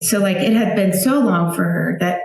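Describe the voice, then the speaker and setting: A woman's voice: fairly low pitch, moderate pace, gravelly, darkish tone. Woman guest, 30s-40s, chatty and heartfelt, lots of fillers; very roomy echo on the mic. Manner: chatty, emotional storytelling with many fillers. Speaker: guest, founder of a flower outreach for widows. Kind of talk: personal storytelling interview.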